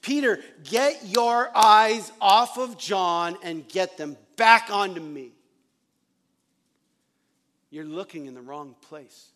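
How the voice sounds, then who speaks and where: Man voicing Jesus, commanding teacher, earnest, urging, repeated commands, high male voice. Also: lively intonation, slow, pauses often, a bit bright.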